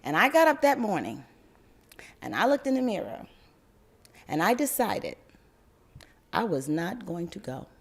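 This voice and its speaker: An older woman from New York telling a personal story to an audience, animated and often laughing. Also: mid-range voice, unhurried, long pauses, slightly rough.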